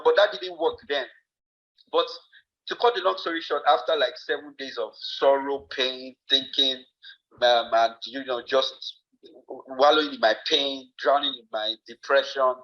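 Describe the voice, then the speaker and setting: A man's voice: medium pitch, a bit bright, lo-fi sound. A man with a Nigerian accent, a podcast guest telling a personal story in an earnest, reflective way, with many fillers and restarts. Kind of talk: personal story told in conversation.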